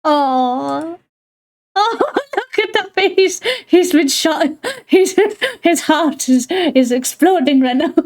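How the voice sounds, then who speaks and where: A woman's voice: sits high, a little mellow. A woman streamer reading a visual novel aloud to her chat, giggling often and breaking off with chatty asides.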